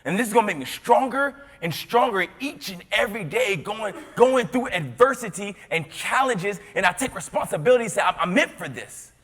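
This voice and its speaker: A young man gives a motivational keynote, telling his story with big swings between loud bursts and near whispers. His voice is bright and forward. It rings out with a long reverb through a large hall. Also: high voice, a little fast, hardly any pauses. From Tennessee. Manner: storytelling with lively swings from loud to hushed, repeats words. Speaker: motivational speaker.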